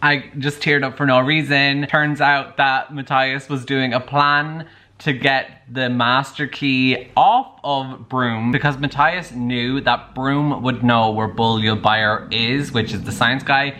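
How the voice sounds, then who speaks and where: A man chatting casually in a book-reaction vlog, gushing and full of "like", sometimes breaking into high excited outcries. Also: slow pace. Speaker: book vlogger.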